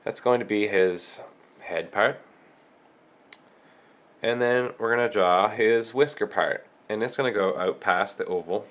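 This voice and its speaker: A man with a cold walks through a drawing step by step, thinking aloud as he works. His voice sits low, and he talks very slowly and without hurry. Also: fairly bright tone. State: has a cold. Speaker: drawing tutorial host.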